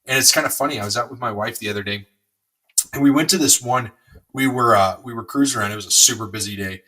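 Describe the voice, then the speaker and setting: A middle-aged man hosting a podcast, telling a rambling, energetic story with lots of fillers. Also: mid-range voice, fast talker, distant mic, low-quality recording. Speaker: podcast host. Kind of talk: motivational podcast monologue.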